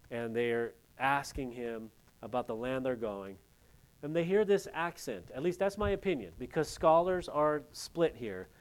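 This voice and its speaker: A middle-aged man from California, a pastor teaching through a Bible passage in a conversational way with joking asides and quick quoted voices. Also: medium pitch, a little mellow.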